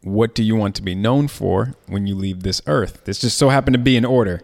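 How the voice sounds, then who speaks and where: Guy hosting a podcast, kinda low voice, lots of reverb, hypes up his guest. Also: creaky, a little mellow. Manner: encouraging, reads quotes slowly for emphasis. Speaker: podcast host. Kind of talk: casual interview chat.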